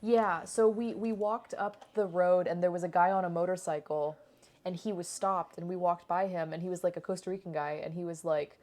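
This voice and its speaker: A woman's voice: lowish voice, fairly even intonation, a little fast, darkish tone. A woman talking over her travel footage in a casual, rambling way, laughing often and swearing now and then. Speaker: cooking channel vlogger.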